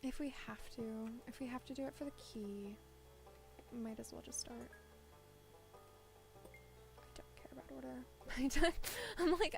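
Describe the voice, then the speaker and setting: Creaky-voiced woman chatting through a game. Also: high-pitched, expressive, measured pace, pauses often, soft background music. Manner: chatty, rambling, thinks out loud with little laughs. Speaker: game streamer. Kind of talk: casual gameplay commentary. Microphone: desk microphone set low.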